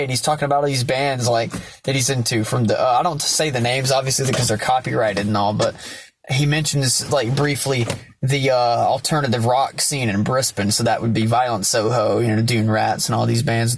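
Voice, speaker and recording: A man's voice: mid-range voice, gravelly, slight background noise. A young man casually and ramblingly retelling a story, swearing and using many fillers. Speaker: vlogger.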